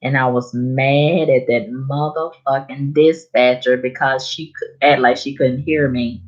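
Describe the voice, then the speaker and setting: Slow, emphatic woman telling a story. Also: extremely low pitch, steady tone. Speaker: vlogger. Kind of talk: casual storytelling vlog. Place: bedroom at home. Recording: dull lo-fi sound.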